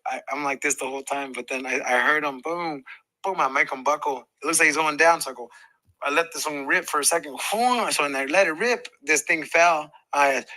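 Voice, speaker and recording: A man's voice: fairly high pitch, fairly even intonation, a little fast, bright, forceful tone, poor audio. A middle-aged man, a professional boxer, telling a story in a podcast interview, acting out moments with sound effects and laughter.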